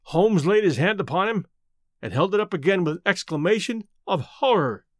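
A man narrating a classic novel as an audiobook in a dramatic, expressive way. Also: high-pitched, normal speed, no echo, clean studio sound.

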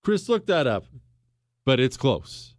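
An American man hosting a casual history talk, folksy and emphatic, with his pitch and pace swinging widely as he makes a point. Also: big pitch swings, slow, no echo, studio quality. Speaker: podcast host.

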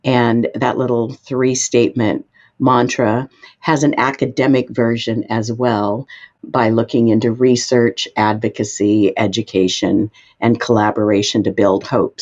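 A woman guest expert answering interview questions, explaining in an emphatic way with sudden lifts in pitch. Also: steady tone, a little slow, a little mellow, dull audio.

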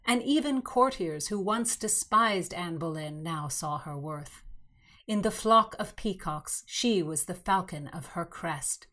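A woman reading a story aloud as narrator in a measured storytelling manner. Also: lowish voice, animated, fairly bright tone. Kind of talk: scripted narration.

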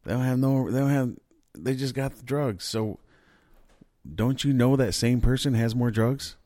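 A man's voice: mid-range voice, moderate pace, warm tone, no room sound. A man hosting a podcast, talking in a loose, profane, rambling casual chat. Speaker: podcast host.

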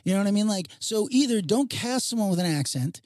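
A man's voice: high voice, expressive, fast, a little mellow, dry recording. Emphatic opinionated man, dry sound. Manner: opinionated, emphatic, rhetorical questions. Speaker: podcast co-host. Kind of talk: casual chat.

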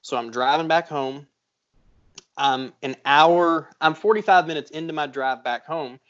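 A podcast co-host chats casually in a somewhat high male voice, swearing freely as he rambles through a story. The recording sounds dull and lo-fi. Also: measured pace, a bit bright.

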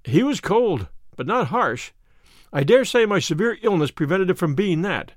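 A man voicing a young diplomat who is still recovering from an illness, earnest and fretful, for a storybook reading. The voice sits a touch high and swings in lively curves. It sounds dry and close to the mic. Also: normal speed, no echo. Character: anxious, grateful young male diplomat, recovering invalid.

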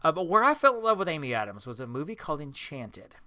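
A man's voice: on the high side, big pitch swings, fast talker, crowd noise. A man co-hosting a podcast in casual chat, talking with gushing enthusiasm. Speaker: podcast co-host.

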